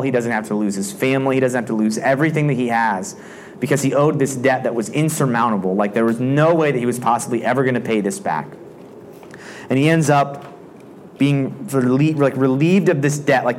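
A man's voice: mid-range voice, slight background noise. Casual, conversational male preacher. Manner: conversational, frequent "like" fillers. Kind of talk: casual sermon retelling.

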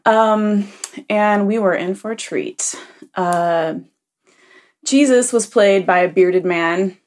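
In a slow, medium-pitched voice with a somewhat dark tone, a mother leaves a meandering message for a podcast. She's a listener sharing a funny, casual anecdote, peppered with ums, chuckles, and self-corrections.

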